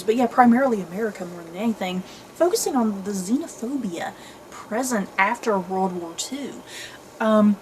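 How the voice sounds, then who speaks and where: A woman's voice: mid-range voice, a little hiss or hum, rough recording. A young adult woman hosting her channel, giving a casual, enthusiastic book review full of fillers and restarts.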